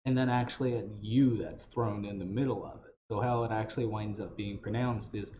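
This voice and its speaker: A man's voice: fairly low pitch, fairly even intonation, brisk, dark tone. A man hosting a casual tutorial, explaining loosely in a conversational way how to build character voices for tabletop games. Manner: explanatory, loose phrasing with restarts. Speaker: tabletop game master teaching voices. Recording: dull lo-fi audio with faint noise.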